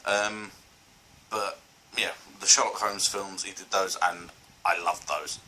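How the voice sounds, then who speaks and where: A man's voice: low-pitched, flat delivery, takes it slowly, sharp tone, slight background noise, rough recording. A man reviewing films in a casual vlog, rambling and enthusiastic, full of fillers and restarts. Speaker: film reviewer.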